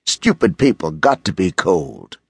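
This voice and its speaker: A cruel, controlling homeless man sneers and threatens in a low, gravelly voice. A male audiobook narrator plays him in a husky tone, recorded dry and close. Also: huge pitch swings, unhurried, no echo, heavily acted. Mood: contemptuous.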